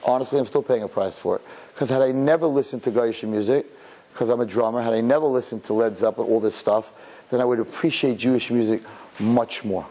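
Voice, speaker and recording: Middle-aged male rabbi, husky, animated sermon storyteller who quotes himself. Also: mid-range voice, brisk.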